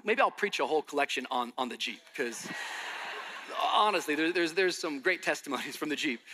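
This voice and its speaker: A man's voice: a little high, pushed and bright. A young adult man from Miami preaching a sermon, telling a story with animation and acting out the dialogue. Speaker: pastor.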